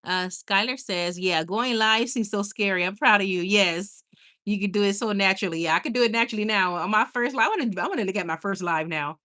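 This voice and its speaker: A woman hosts a late-night livestream, speaking directly to her viewers and reading their comments aloud. Her medium-pitched voice moves briskly, and she's chatty and animated, laughing often and stumbling and restarting with a tired, easy warmth as she rambles.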